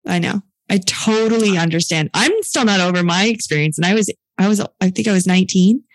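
A woman in her thirties hosting a casual chat, agreeable and quick to laugh. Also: mid-range voice, lively intonation, dry recording, low-quality recording. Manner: chatty, laughs often, agreeable.

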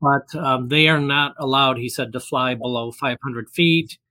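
A man's voice: medium pitch, fairly even intonation, a little slow, pushed and bright, dry recording. A man telling a personal story in casual chat, rambling with many fillers and restarts and acting out the voices he quotes. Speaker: guest storyteller. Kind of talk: casual anecdote.

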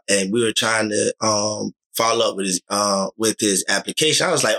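A man's voice: on the low side, a little fast, few pauses, bright, forceful tone. A man in casual podcast chat, telling rambling stories with lots of fillers and restarts. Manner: rambling storyteller, many likes and restarts.

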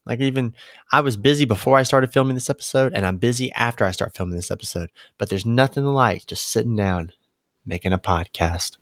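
A man's voice: medium pitch, a little fast, fairly bright tone, dry recording, studio quality. A young man hosting his own solo podcast, talking in a casual, rambling way and often correcting himself mid-sentence. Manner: conversational, rambling, self-correcting. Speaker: podcast host.

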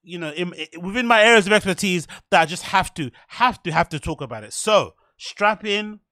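A man hosting a solo podcast, rambling in a frantic rush with barely a pause for breath. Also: high voice, expressive, bright, forceful tone, no room sound, clean studio sound. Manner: rambling, frantic, talks without pausing for breath. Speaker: podcast host.

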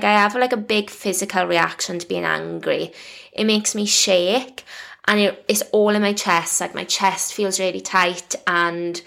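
British woman in her 30s chatting on her podcast, bit of vocal fry, says like a lot. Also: medium pitch, fairly bright tone. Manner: chatty, frequent "like" fillers, confiding. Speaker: podcast host. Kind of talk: casual solo podcast chat.

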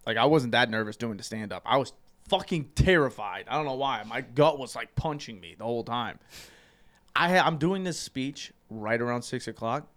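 A young man on a casual podcast, telling stories with lots of swearing and loud mimicking. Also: moderate pace. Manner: animated, profane, jumps into loud high voices when quoting. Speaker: podcast co-host. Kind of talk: casual storytelling chat.

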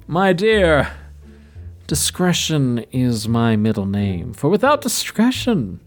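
A man's voice: mid-range voice, sing-song, slow pace, faint music behind, pitched above the performer's own voice. A man voicing a flirtatious, ingratiating forger who fawns over his customer. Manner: smooth, ingratiating, calls people darling. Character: oily, flirtatious male forger dealer.

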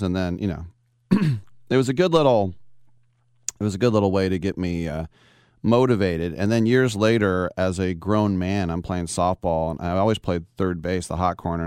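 Chatty low-voiced sports radio host. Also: male voice, a little mellow, smooth, no echo, clean studio sound. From Bay Area of California. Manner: chatty, storytelling, laughs often.

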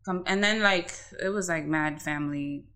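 A young woman telling a story in casual podcast chat, animated and full of swearing and fillers. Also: low voice, normal speed, a loud crowd. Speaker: podcast co-host.

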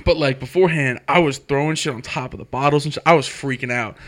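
A young man telling a story in casual chat, animated and full of swearing. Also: medium pitch, fast.

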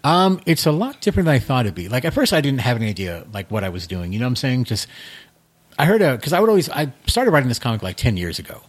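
A man in his thirties, a guest in a casual podcast chat, talking in a relaxed, rambling way with many fillers. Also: medium pitch, fast talker, slightly rough. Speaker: guest, comic creator.

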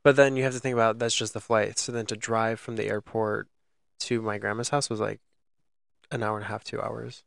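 A man's voice: lowish voice, little pitch movement, fairly quick, vocal fry, clean tone, dry recording. A young man co-hosting a podcast, chatting casually and telling rambling stories full of fillers. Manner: rambling, filler-heavy storytelling. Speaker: podcast co-host. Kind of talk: casual chat.

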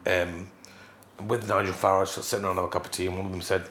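Scottish man telling animated stories. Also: quick pace, reverberant. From Scotland. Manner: animated storyteller, leaps up in pitch for emphasis. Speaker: guest. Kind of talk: casual interview chat.

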